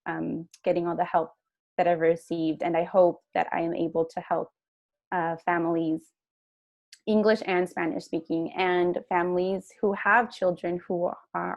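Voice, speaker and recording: A woman's voice: fairly low pitch, vocal fry, darkish tone, no echo. A woman speaking as a parent in an online meeting, hesitant with many fillers. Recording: dull dry lo-fi audio.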